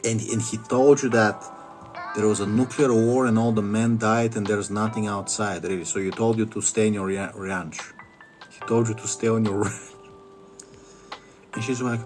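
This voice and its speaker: A man's voice: lowish voice, steady tone, moderate pace. A man telling a comic story in a rambling, mumbled, casual way, with music behind. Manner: rambling, mumbled, full of fillers.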